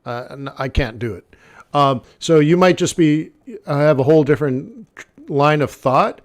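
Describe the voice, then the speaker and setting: Coaching a live forex session, a man speaks at a moderate pace in a voice on the high side. He's blunt and conversational with the viewer, often repeating phrases and using lots of "okay" and "like."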